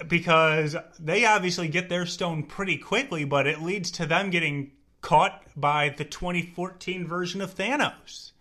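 Podcast co-host, man, higher bright voice, playful and teasing. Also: unhurried, hardly any pauses. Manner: playful, teasing, self-confessed softie. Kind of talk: casual movie review chat.

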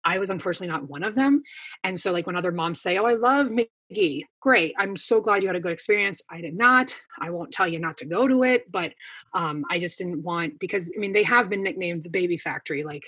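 Woman guest on a podcast, husky breathy voice, lowish, rambles w lots of "like". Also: fast, sharp tone. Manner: chatty storytelling with many fillers. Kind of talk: casual chat.

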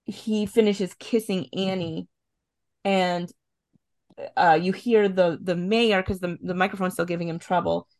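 A woman's voice: lowish voice, fairly even intonation, a little slow, a little mellow. A woman hosting a podcast in casual, chatty talk, full of fillers and swearing freely. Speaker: podcast host. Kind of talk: casual podcast recap chat.

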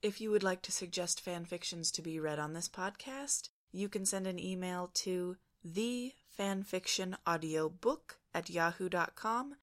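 A woman podcast reader narrating a fan story in a calm, even way. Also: lowish voice, a little slow, few pauses. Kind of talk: scripted narration.

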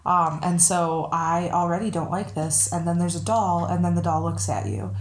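A woman's voice: fairly low pitch, normal speed, slight background noise. Playful woman telling jokes, echoey room. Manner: animated, playful, laughs often. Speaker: podcast co-host. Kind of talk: casual chat, joke telling.

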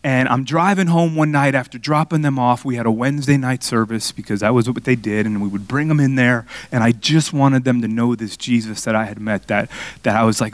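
A man's voice: a little fast, no room sound. A man from Miami preaching a sermon, telling a personal story and talking back and forth with the congregation. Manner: storytelling, conversational with the crowd, rising to excited highs. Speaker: pastor.

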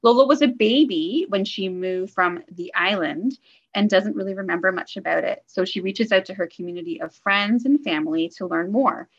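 A woman's voice: medium pitch, moderate pace, lo-fi sound. A woman from Canada co-hosting a book podcast, chatting enthusiastically and rambling with fillers and asides. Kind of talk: casual book review chat.

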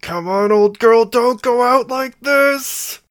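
A woman's voice: a little high, takes it slowly, pitched above the performer's own voice. A man voicing a young woman mech pilot calling urgently over the radio in battle.

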